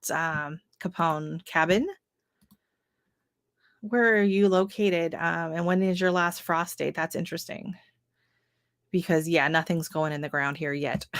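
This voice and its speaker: Canadian woman, middle-aged, lowish voice, chatty livestream host, rambling with lots of fillers, dry close sound. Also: a bit bright, dry recording. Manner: chatty, rambling, laughs often, filler-heavy. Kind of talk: casual live-stream chat reading viewer comments.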